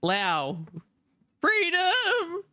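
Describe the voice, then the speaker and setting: A man voicing an eager bird-like male creature who speaks in slow, broken, repeated words. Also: very high-pitched, wildly swooping pitch, crowd noise, voice pushed up, exaggerated voice.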